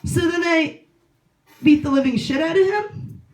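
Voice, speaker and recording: A woman in her late twenties works through a stand-up set at an open mic, deadpan and rambling. She leans on uhs and ums between jokes. Her voice bounces around an echoey small room. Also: very high voice, measured pace. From Russia. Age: 20s. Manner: deadpan, rambling with filler words. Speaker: stand-up comedian.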